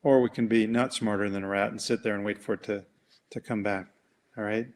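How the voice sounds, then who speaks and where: A man coaching through a webinar, telling an animated, folksy story and acting out voices along the way. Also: lowish voice, brisk. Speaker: coach and presenter. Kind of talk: webinar talk with a demonstration. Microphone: webinar mic.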